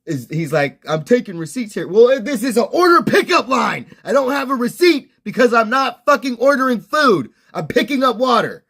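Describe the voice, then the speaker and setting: A young man with a notably high voice vents in a casual, swear-laden rant. He sounds exasperated, piling on complaints and repeating himself as he streams. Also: sing-song, normal speed, creaky, few pauses, fairly bright tone. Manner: heavy swearing, exasperated ranting. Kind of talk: casual ranting monologue.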